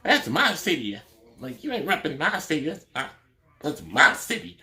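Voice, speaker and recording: A man's voice: very high voice, lively intonation, brisk, pushed and bright, voice pushed up, heavily acted. A man putting on the voice of an upset woman traveler with big attitude, sassy and insistent.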